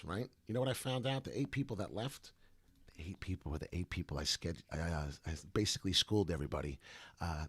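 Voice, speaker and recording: A man's voice: fairly low pitch, a bit bright, no room sound. A man hosting a crypto trading livestream, talking in a preachy, rambling way to his viewers. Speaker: crypto trading show host.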